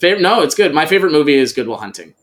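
A man's voice: a little high, very animated, rapid-fire. A man guesting on a podcast, chatting casually and rambling with many fillers and restarts. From United States. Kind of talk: casual chat.

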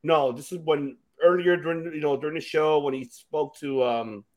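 A man hosting a casual talk show, asking rambling, animated questions with many restarts. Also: on the high side, moderate pace. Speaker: podcast host. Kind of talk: casual chat.

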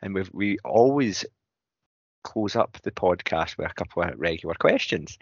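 A man co-hosting a podcast, talking in a relaxed, rambling way. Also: deep voice, moderate pace, breathy edge, no room sound. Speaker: podcast co-host. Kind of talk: casual podcast chat. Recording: dull lo-fi sound.

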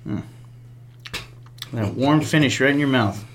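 A man's voice: mid-range voice, unhurried, slight background noise. A man co-hosting a podcast in casual chat, making crude jokes and reading product labels aloud with stumbles. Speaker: podcast co-host.

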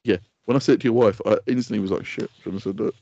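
A man's voice: on the low side, fairly even intonation, racing, mellow, dry recording, muffled recording. A man co-hosting a podcast in casual chat, rambling and laughing often. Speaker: podcast co-host.

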